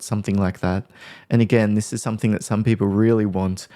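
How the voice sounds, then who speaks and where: A man with a fairly low voice talks through a lesson on workplace conflict in a casual, conversational way. He thinks aloud and slips into example phrases as he explains. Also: level tone, fast talker, mellow. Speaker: workplace mediator and trainer.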